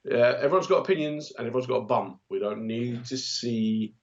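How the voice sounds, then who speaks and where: A middle-aged man trades blunt, joking opinions as a podcast co-host, his pitch sitting in an ordinary middle range. The recording is muffled and lo-fi. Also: a little fast. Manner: blunt, jokey, slips into silly voices. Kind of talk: casual comedic banter.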